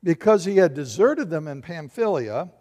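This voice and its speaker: Male pastor, higher voice, animated preaching style in a reverberant hall. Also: moderate pace. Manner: animated, acts out voices and asks the congregation questions. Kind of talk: sermon.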